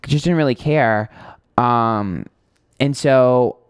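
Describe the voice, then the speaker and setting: A man's voice: medium pitch, slow pace, clear, resonant tone, no room sound, clean studio sound. A young man who reads tarot, rambling through a story in casual chat, swearing freely and sounding exasperated. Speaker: tarot reader and streamer.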